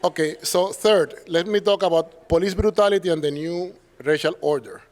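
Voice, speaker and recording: A man's voice: high voice, moderate pace, darkish tone. A man from Puerto Rico with a Puerto Rican Spanish accent, giving an academic lecture at a symposium in a conversational way, often tagging his points with questions and acting out quoted dialogue. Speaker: professor giving a symposium talk.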